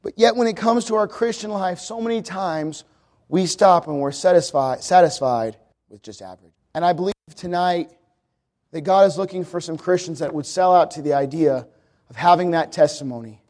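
A man's voice: high voice, normal speed, a little mellow. A young man preaching a sermon, emphatic and repetitive, building his points around a repeated refrain.

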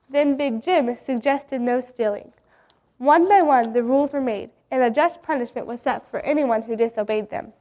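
A woman reading a Bible story aloud in an earnest, gentle way. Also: fairly high pitch, normal speed.

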